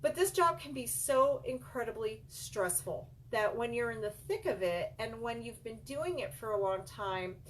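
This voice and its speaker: A woman's voice: on the high side, animated, normal speed, few pauses, a little hiss or hum. Earnest woman sharing a heartfelt story. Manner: earnest, emotional, addresses viewers as "you guys". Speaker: child care business coach and center owner. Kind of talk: heartfelt personal story to viewers.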